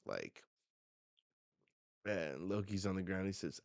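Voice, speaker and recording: Man, reaction host, slow drawl, low voice, casual slang, dry close mic. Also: lively intonation, vocal fry, dry recording. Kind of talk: reading a comic aloud and reacting live.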